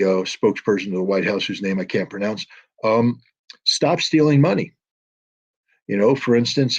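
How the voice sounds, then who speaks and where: An American man in middle age speaks as an interview guest. He argues with emphatic force and a sardonic edge, and mocks the people he quotes. His voice sits at an ordinary pitch, and the recording sounds dull and lo-fi. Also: darkish tone. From United States. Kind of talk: political commentary interview. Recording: dull lo-fi audio.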